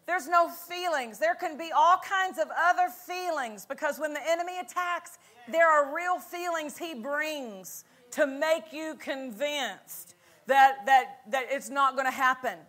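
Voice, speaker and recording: A woman's voice: high-pitched, a little slow, fairly bright tone. A woman pastor preaching a fervent sermon at a conference, repeating lines and calling out for an amen. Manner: fervent, repetitive, call-and-response. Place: church conference hall.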